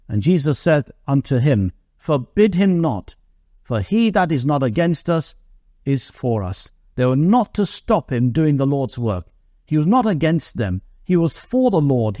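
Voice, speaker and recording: A man preaching a sermon, reading Bible verses in an earnest voice that slows and lifts on the quoted lines. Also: mid-range voice, warm tone, no echo, studio quality.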